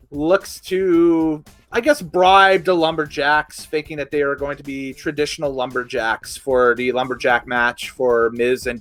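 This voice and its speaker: Podcast host, man with a slightly high voice, relaxed recap delivery. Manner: laid-back, chuckling recapper. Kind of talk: casual wrestling recap.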